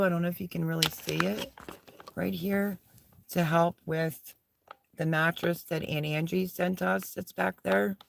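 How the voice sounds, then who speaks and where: Middle-aged woman, live-stream chat, rough creaky voice, slow drawl, talks to her dog. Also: lowish voice, slight background noise. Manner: rambling, chats to her dog between thoughts. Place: small camping setup indoors.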